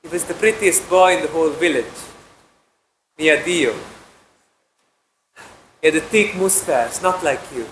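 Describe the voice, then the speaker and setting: Guy doing a sweet old lady, high and slooow, echoey stage. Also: fairly bright tone, slight background noise. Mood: wistful. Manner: slow, nostalgic storytelling with broken English. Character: older Italian woman, fond and romantic. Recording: echoey live stage hall.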